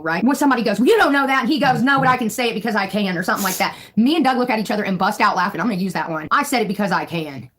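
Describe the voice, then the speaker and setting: A woman's voice: on the high side, rough recording. A woman hosting a casual live stream, telling rambling, profane stories and laughing often.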